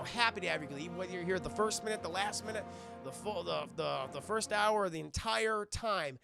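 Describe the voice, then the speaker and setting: A man's voice: on the high side, creaky, bright, forceful tone. A man hosting a live stream, recapping a film in a profane, rambling way and constantly addressing his chat. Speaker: streamer host.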